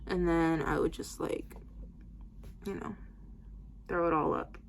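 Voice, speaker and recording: Twenties woman, lowish voice, casual rambling vlogger, filler-heavy, styling her hair as she talks. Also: steady tone, takes it slowly, vocal fry, slight background noise. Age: 20s. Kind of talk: casual storytelling to camera.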